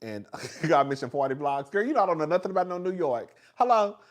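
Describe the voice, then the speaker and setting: A man's voice: on the high side, very animated, quick pace. A man hosting a casual chat with viewers in a gossipy, chatty way, calling everyone "girl" and laughing often. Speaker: host.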